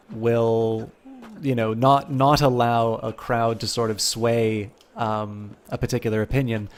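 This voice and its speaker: A man streaming live, chatting casually to his viewers, rambling and correcting himself, and talking faster when he gets excited. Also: mid-range voice, a little hiss or hum.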